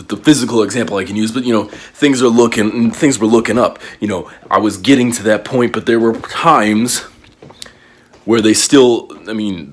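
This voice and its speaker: Very deep-voiced man ranting, short of breath. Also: a little hiss or hum. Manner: angry rant full of swearing, trailing off. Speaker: vlogger. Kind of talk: casual venting to camera. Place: at home indoors.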